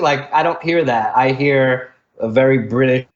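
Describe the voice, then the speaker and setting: An American man co-hosting a casual music podcast, chatty and quick to jump in with his own take. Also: medium pitch, fairly even intonation. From United States. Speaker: podcast co-host. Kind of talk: casual music-review chat. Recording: dull lo-fi sound.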